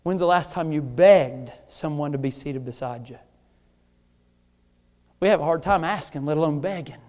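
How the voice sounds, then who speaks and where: A man's voice: on the high side, moderate pace, a little mellow, long reverb tail. A man who is a visiting missionary preaching a sermon, pressing his points with rhetorical questions.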